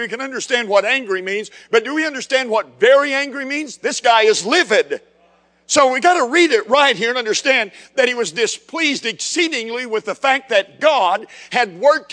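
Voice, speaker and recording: A male preacher delivers a fiery sermon and hammers his points home with repeated words. His voice is very high for a man, bright and forceful. A long hall reverb trails after each phrase. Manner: emphatic, repetitive, fiery preaching.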